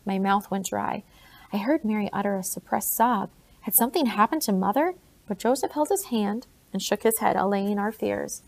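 A woman reading a novel aloud in steady, plain first-person narration. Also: mid-range voice, moderate pace, gravelly. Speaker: audiobook narrator.

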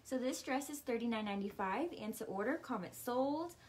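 A woman on a live sale reading out viewer questions, prices and order codes in a brisk way. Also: fairly high pitch, lively intonation.

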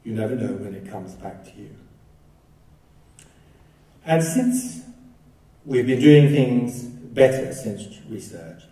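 A man's voice: medium pitch, expressive, takes it slowly, long pauses, dark tone, far from the mic. A man giving a keynote lecture, telling stories in a conversational, lightly humorous way, recorded from afar in a lecture hall. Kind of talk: academic lecture with anecdotes. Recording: echoey hall, picked up from afar.

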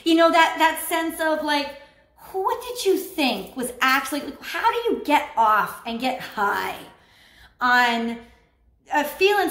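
A woman giving a casual spoken tarot reading, animated and laughing often as she tells a story. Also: sits high, measured pace, reverberant. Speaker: tarot reader.

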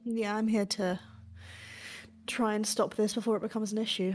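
A woman voicing her own character in a tabletop game, speaking in a measured, drawn-out way. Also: mid-range voice, flat delivery, a little mellow. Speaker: player. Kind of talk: tabletop role-play in character.

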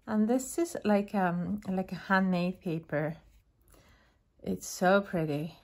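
A woman hosting her own craft channel, casually unboxing a gift and gushing over each item with soft, admiring remarks and frequent fillers. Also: mid-range voice, takes it slowly.

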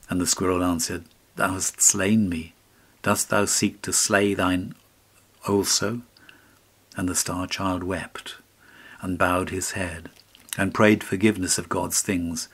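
A man reading a fairy tale aloud as an audiobook narrator, measured and solemn. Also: low-pitched.

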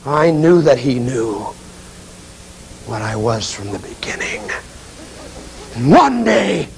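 A man voicing a guilt-ridden traitor tormented in hell, swinging from hushed confession to anguished shouting. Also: mid-range voice, very animated, slow, gravelly, pitched below the performer's own voice, exaggerated voice. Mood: brooding confession.

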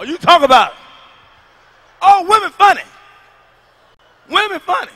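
A man doing a stand-up comedy routine, loud and emphatic, hammering his punchlines over and over with a delivery. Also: extremely high pitch, big pitch swings, unhurried, pauses often.

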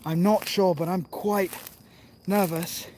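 A man putting on a mock London accent as a nervous explorer, narrating slowly and dramatically. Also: sits high, steady tone, a little mellow, slight background noise. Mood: dramatic.

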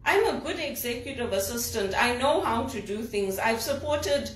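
A woman's voice: a little high, lively intonation, normal speed. A woman from Zimbabwe, an executive assistant, giving an indignant, emphatic vlog monologue. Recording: roomy, distant from the mic.

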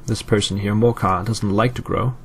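A man's voice: lowish voice, steady tone, moderate pace, slightly rough. A man from Europe casually commenting on his gameplay, thinking aloud with fillers and answering live chat. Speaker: let's play host.

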